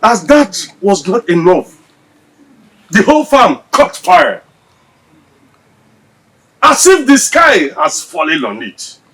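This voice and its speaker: An anxious Nigerian village elder. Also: male voice, high voice, huge pitch swings, takes it slowly, long pauses, a bit bright, husky, dry recording, full character voice, poor audio. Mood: alarmed. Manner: exclaiming, anxious, dramatic. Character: worried village elder, a titled chief. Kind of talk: Nigerian film drama.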